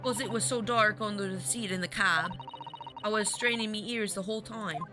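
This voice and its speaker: A blunt, slangy street girl talks in a put-on Cockney accent, voiced by a woman streamer. Her speech is rough and working-class, with a middling voice. Game music plays underneath. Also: mid-range voice, moderate pace, lightly acted. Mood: cheeky. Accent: attempted Cockney. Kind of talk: reading game dialogue aloud.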